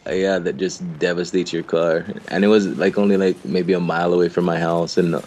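A man's voice: low-pitched, flat delivery, brisk, a little mellow, slight background noise. A young man being interviewed, telling long rambling stories in a casual, profane, laughing way. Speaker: interviewed clan member. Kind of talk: casual storytelling chat.

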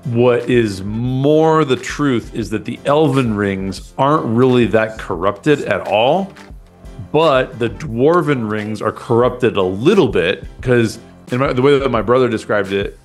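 A man's voice: mid-range voice, normal speed, faint music behind. A man co-hosting a casual chat, talking in a rambling, enthusiastic way with lots of fillers and restarts, into a desk microphone. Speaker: podcast co-host. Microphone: desk microphone after switching from a headset mic.

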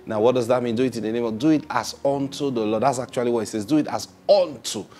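A man's voice: mid-range voice, fast, warm tone, slight background noise. A man preaching a sermon who asks rhetorical questions, repeats his phrases and acts out what people say.

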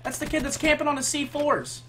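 Casting: young gamer man, bright sharp voice, fast trash-talk over gameplay with a faint hiss behind. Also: extremely high pitch. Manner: hyped, trash-talking, swings from calm play-by-play to loud outbursts. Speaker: gaming YouTuber. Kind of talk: live gameplay commentary.

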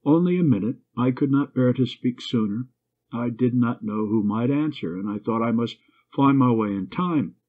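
A proud, self-willed schoolgirl from an old storybook, voiced by a man reading aloud. The voice sits higher than his own and stays husky. The sound is narrow and tinny, like a phone line. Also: normal speed, natural voice. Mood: lonely, pleading. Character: proud, willful young schoolgirl lost in fog.

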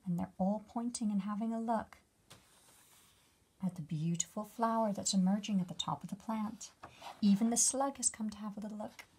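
Breathy teacher reading aloud. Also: female voice, mid-range voice, normal speed. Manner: gentle, asks the listener questions. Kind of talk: reading a picture book aloud to children.

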